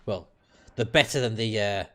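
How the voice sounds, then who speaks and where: A man's voice: lowish voice, normal speed, sharp tone. A British man streaming a game late at night, chatting with viewers in a blunt, opinionated and profane way. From United Kingdom. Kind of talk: casual live-stream chat while playing.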